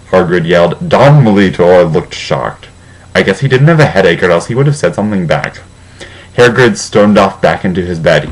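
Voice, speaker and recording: A man's voice: sits low, lively intonation, moderate pace, poor audio. A young man comically reading a fan fiction aloud, mock-serious, with sarcastic asides.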